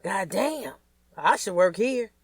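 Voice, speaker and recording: A woman reading an audiobook, voicing a blunt, gruff middle-aged father who curses. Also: medium pitch, lively intonation, slow, no room sound, studio quality, voice pushed up, full character voice. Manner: blunt, cursing.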